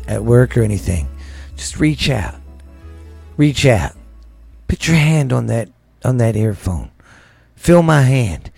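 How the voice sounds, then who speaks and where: A man hamming up a fervent preacher, urging listeners to reach out and feel the love. The voice is gravelly and mid-pitched, spoken close on a dry studio microphone. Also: a little mellow, dry recording. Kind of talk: mock sermon.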